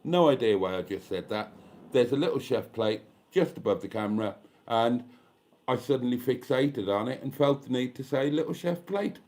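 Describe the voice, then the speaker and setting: A British man hosts a casual YouTube live stream from home, reading out viewer comments in a chatty, self-mocking, camp way. His mid-range voice is expressive and a little mellow, at a moderate pace.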